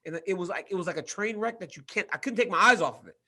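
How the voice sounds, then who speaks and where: A man in his forties with a fairly high voice chats casually as co-host. He tells stories with gusto, doubles up his words and acts out what other people said. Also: racing. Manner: animated storyteller, acts out quotes, repeats words. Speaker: co-host, former fighter. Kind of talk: casual chat.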